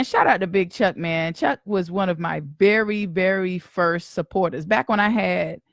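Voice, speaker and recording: A woman's voice: medium pitch, no room sound, clean studio sound. A woman podcast host in casual live-stream chat, slangy and talkative, greeting viewers by name.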